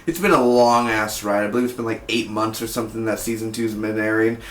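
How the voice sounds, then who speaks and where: A man reviewing a TV episode in a rambling, excitable way, full of "man" and "like". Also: lowish voice, quick pace, roomy sound. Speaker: TV review vlogger.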